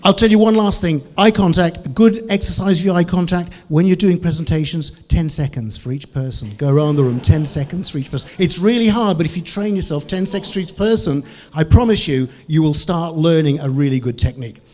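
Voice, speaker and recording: A man giving a lively conference talk to a Russian audience, varying his tone and tempo a lot. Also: a little high, a little fast, hardly any pauses. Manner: animated, varies tone and tempo. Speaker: conference speaker on English for Russians.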